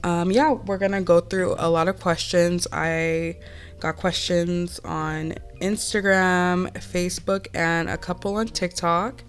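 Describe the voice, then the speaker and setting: A woman with a somewhat low, congested, nasal voice, sick with a cold, talks through a casual home voiceover. She is chatty and candid and drops in plenty of fillers. Faint music plays underneath. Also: steady tone, takes it slowly. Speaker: press-on nail artist and channel host. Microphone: home voiceover mic.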